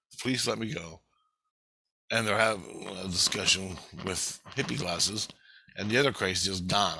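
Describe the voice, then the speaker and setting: A man's voice: fairly low pitch, sharp tone, a little hiss or hum, rough recording. A middle-aged man telling a rambling, profane, agitated monologue to camera. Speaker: vlogger.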